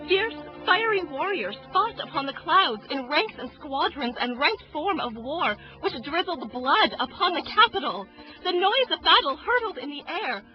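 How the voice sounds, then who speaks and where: An actress voices a passionate Roman wife in a Shakespeare audio drama. Her high voice ranges widely as she pleads in verse. The recording is dull and lo-fi, with clear music behind her. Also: very animated, normal speed. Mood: fearful. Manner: earnest, impassioned verse delivery.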